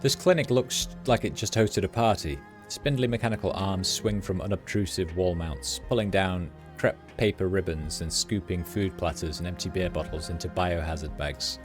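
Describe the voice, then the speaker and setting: A man streaming a game, reading its narration aloud in a steady, descriptive way. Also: deep voice, normal speed, hardly any pauses, faint music behind.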